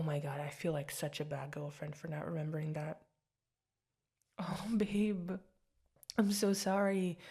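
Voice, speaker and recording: A woman's voice: fairly low pitch, darkish tone. A young woman voicing an apologetic, chatty girlfriend in an ASMR girlfriend role-play, rambling and giggly. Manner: rambling, giggly and self-deprecating. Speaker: voice actress.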